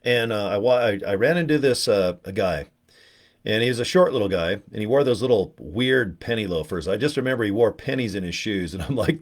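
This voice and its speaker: A man's voice: on the low side, lively intonation, brisk. A middle-aged man telling a rambling, crude personal story, slipping into voices for the people he quotes.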